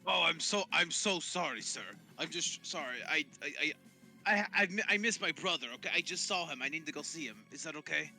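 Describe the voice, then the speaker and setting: A theatrical, heartbroken young orc, played by a man, who overacts every feeling. His voice is bright and edged with a gravelly crackle. Faint music hums behind him. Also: a little high, a little fast. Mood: apologetic. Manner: overwrought and theatrical, pleading then outraged. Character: melodramatic young male orc, heartbroken brother. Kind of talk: improvised tabletop role-play.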